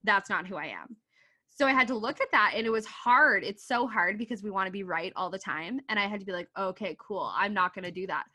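A woman in her twenties from Canada, a coach and author talking as a podcast guest, animated, laughing often and swearing freely as she acts out her own quotes. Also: mid-range voice, brisk. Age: 20s. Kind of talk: casual podcast interview.

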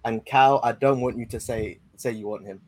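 A man calling in to a football podcast, chatty and joking in an excitable way. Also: mid-range voice, normal speed. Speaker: caller. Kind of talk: casual football chat.

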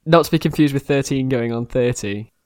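A young man co-hosting a podcast, telling stories in a casual, animated way and laughing often. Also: medium pitch, brisk, clean tone, no room sound, clean studio sound. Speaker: podcast co-host. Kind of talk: casual chat.

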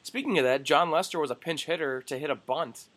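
Animated young man telling sports stories. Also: a little high, brisk. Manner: animated storyteller, swears, acts out quoted voices. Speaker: sports podcast co-host. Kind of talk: casual chat.

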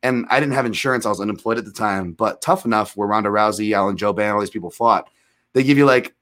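A man in his thirties, a podcast guest telling rambling, self-deprecating fight stories with animated retellings. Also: on the low side, quick pace. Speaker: guest, MMA analyst. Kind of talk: casual storytelling in a podcast interview.

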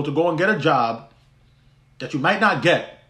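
A young podcast host from the U.S. Virgin Islands tells a personal story conversationally, restarting often and laughing easily. His voice is fairly high and fairly bright, expressive and brisk, and the recording has a roomy echo.

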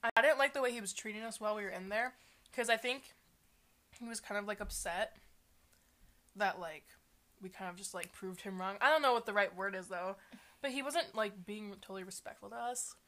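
A woman's voice: a little fast, pushed and bright. A teenage girl casually retelling a school confrontation, indignant and laughing often. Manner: indignant, laughs often, voice drops low when quoting. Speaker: student telling a story. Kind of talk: casual chat.

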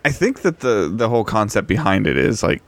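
Male podcast co-host, deep gravelly voice, hesitant and filler-heavy casual chat. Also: big pitch swings. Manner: halting, many fillers and restarts.

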